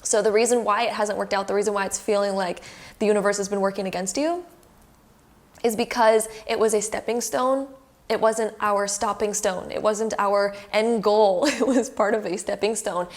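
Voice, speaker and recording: A woman's voice: medium pitch, fairly even intonation, normal speed. A young woman giving a casual pick-a-card tarot reading to her camera. She talks in an effusive, emotional way and says "like" a lot. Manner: chatty and effusive, heavy use of "like", emotional. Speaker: tarot reader. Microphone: camera close by.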